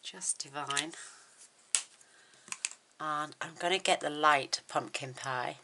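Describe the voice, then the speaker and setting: A woman hosting a card-making tutorial, talking softly and admiringly as she works, often dropping to a near whisper. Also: deep voice, slow, background noise. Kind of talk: relaxed craft tutorial narration.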